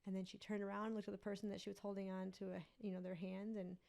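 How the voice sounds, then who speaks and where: A woman's voice: medium pitch, level tone, fast, vocal fry, a little mellow. A woman guest on a podcast, earnestly telling a personal story in a rambling way with many fillers.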